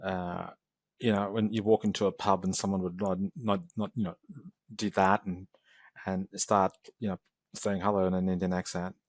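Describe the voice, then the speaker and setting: A man in his forties, a podcast guest, telling personal stories in a lively way and acting out the remarks of others. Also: deep voice, moderate pace, dry recording, studio quality. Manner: animated storytelling, acts out quoted exchanges. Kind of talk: podcast interview.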